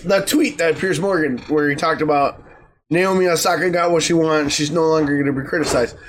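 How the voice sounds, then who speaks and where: Podcast co-host, male, higher pitch, measured and reasoning, faint background noise. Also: fairly even intonation. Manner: measured, reasoning with fillers and 'right?'. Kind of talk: casual podcast chat.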